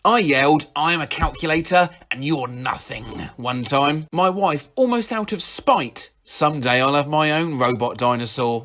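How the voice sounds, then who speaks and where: Animated bright-voiced man with loud outbursts. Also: a little high. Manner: animated, jumps between loud outbursts and dry mumbles. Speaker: comedy podcast host. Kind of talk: comic sketch and reading out funny quotes.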